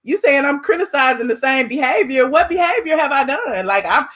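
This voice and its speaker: High-voiced woman host, amused and incredulous. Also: animated, brisk, a bit bright. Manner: amused and incredulous, laughs often, asks rhetorical questions. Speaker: channel host. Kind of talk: casual commentary reacting to clips.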